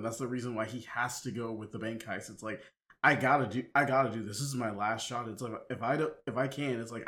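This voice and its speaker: Podcast co-host, man, halting and rambling, casual film talk. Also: medium pitch. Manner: halting, many restarts and fillers. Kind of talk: casual movie discussion.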